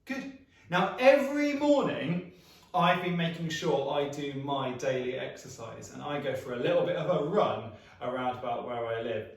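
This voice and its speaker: A man with a creaky, medium-pitched voice talks at normal speed, leading kids through a lively action story full of sound effects and encouraging prompts. He's a music practitioner in a live online session, heard from a distance in a very echoey room.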